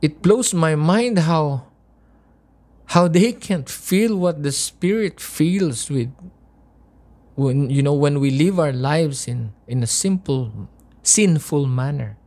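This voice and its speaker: A woman's voice: deep voice, animated, slow pace, warm tone. A woman preaching a sermon, impassioned and emotional, asking repeated rhetorical questions.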